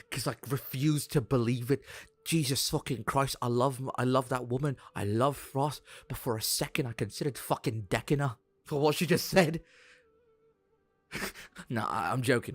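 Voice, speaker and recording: A young man streaming a game, ranting excitably with heavy swearing. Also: mid-range voice, no echo. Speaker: gaming streamer. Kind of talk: live-stream rant.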